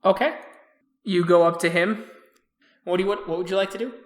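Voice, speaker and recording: Calm game master in an echoey room. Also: male voice, high-pitched, brisk. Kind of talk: narrating a tabletop game.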